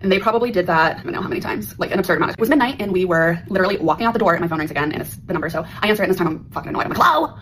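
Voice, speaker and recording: A woman telling a personal story in a casual, animated way, acting out the voices of the people she quotes. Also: lowish voice, very fast, hardly any pauses, a little hiss or hum, low-quality recording.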